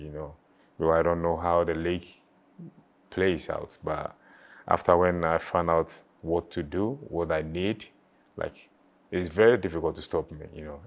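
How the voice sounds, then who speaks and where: Man, very low voice, flat delivery, halting, emotional. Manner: halting, repeats words, frequent "you know". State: emotional, near tears at times. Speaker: former footballer reminiscing. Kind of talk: emotional interview reflection.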